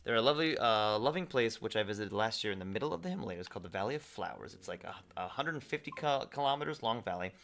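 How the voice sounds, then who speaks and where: A man's voice: lowish voice, expressive, fast talker, creaky, hardly any pauses, fairly bright tone. A young man streaming a game, reading viewer messages aloud and chatting back casually. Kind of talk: casual live-stream chat.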